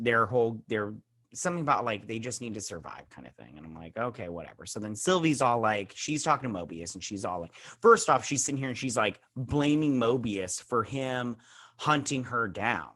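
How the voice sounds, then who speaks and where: A man's voice: mid-range voice, sharp tone. A young man hosting a show, recapping and reviewing an episode in a rambling, snarky way, full of fillers and mocking quotes. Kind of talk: casual spoken recap and review.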